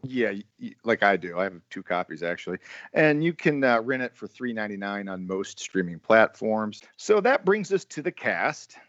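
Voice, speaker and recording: A man's voice: lowish voice, very animated, moderate pace, fairly bright tone, no echo. A man hosts a loose movie podcast and reads through the cast list with running jokes. His voice sounds dry and close, with no room around it. The sound is a bit dull and muffled. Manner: jokey, stumbles and repeats words. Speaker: podcast host. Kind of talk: casual movie podcast chat.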